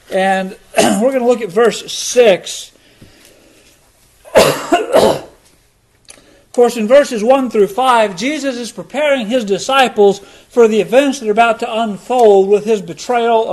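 A middle-aged man preaching a sermon, slow and deliberate, letting key words drop low for emphasis. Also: a little mellow. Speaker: pastor.

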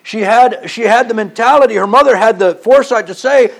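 A man preaching a sermon, telling stories and shifting between emphatic passages and quiet, low asides. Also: brisk, gravelly, hardly any pauses. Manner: storytelling, rising to emphatic passages then dropping quiet.

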